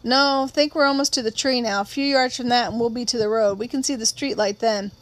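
A woman reading aloud and voicing a calm, protective older boy who talks in a low-key, unhurried way. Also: dry recording, natural voice. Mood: quiet.

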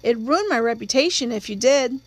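A woman voicing a middle-aged man who talks to children in a relaxed, confiding, wry way. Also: fairly high pitch, moderate pace, no room sound.

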